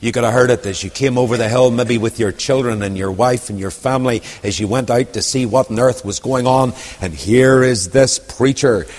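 A man with a lilt preaching a storytelling sermon, dropping to quiet asides and rising to loud, ringing declamation. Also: mid-range voice, moderate pace, few pauses. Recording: long hall reverb.

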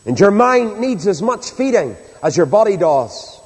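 High-voiced preacher in a hall. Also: male voice, sing-song, unhurried, breathy edge. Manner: impassioned, rising and falling from loud exhortation to hushed appeal. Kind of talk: sermon. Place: large hall with a congregation. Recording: long hall reverb.

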